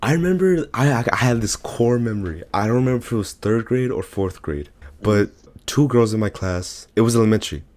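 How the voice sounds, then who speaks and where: A man's voice: on the low side, lively intonation, a little fast, darkish tone. A teenage boy in a casual chat, talking in a laid-back way that trails off. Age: teens.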